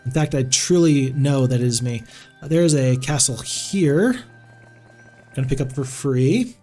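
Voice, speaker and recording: A man's voice: mid-range voice, lively intonation, unhurried, mellow, faint music behind. A man commentating a strategy game on a live stream, chatty and rambling with frequent restarts.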